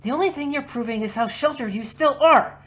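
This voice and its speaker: A woman's voice: lowish voice, slow pace. A woman voicing a guarded, hostile woman ex-soldier who speaks bluntly and curtly. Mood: angry. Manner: blunt, curt.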